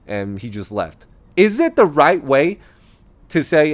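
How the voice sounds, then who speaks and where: A man talking casually about his own views, laughing as he goes and jumping into other people's voices. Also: mid-range voice. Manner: animated, laughing, quick quoted voices. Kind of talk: casual opinion monologue.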